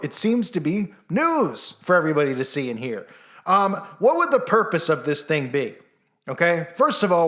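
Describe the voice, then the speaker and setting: Scornful, ranting man with a higher voice. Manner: scornful, sarcastic, heated rhetorical questions. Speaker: channel host. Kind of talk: ranting commentary vlog.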